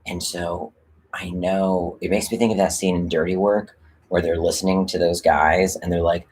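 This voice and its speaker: A man's voice: sits low, level tone, normal speed, darkish tone, husky. A man hosting a live stream and talking casually about rewriting a script, rambling and candid, with lots of fillers and casual swearing. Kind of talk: casual livestream chat.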